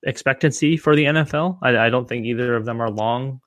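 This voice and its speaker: A man's voice: medium pitch, a little fast, a bit bright, dry recording. A man co-hosting a podcast, talking casually and rambling with many restarts and fillers. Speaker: podcast co-host. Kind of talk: casual fantasy football discussion.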